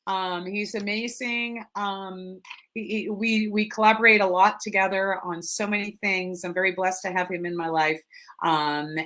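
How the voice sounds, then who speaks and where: A woman realtor hosting a casual live stream interview over a video call, chatty and quick to laugh as she fires off questions. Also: medium pitch, a bit bright. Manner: chatty, laughs easily, rapid-fire questions.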